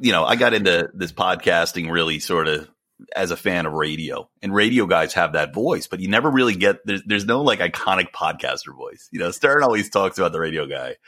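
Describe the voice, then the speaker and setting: A man's voice: deep voice, bright, forceful tone. A man co-hosting a casual podcast, joking and making sarcastic asides. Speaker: podcast co-host.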